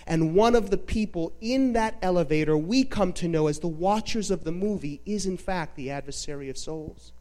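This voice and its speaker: A man preaching a sermon, dramatically retelling a film with emphatic pauses. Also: sits high, a little mellow. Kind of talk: sermon storytelling.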